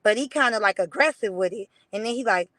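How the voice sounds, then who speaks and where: A woman's voice: mid-range voice, fast, a little hiss or hum. A young woman casually telling a profane story on a livestream, acting out the dialogue. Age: young adult. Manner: profane, animated retelling with quoted dialogue. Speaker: guest.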